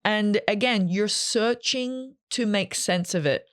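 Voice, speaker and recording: A woman's voice: medium pitch, slow pace. A woman hosting a solo podcast from a green room, telling a personal story in a candid, rambling, emotional way with many fillers. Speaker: podcast host.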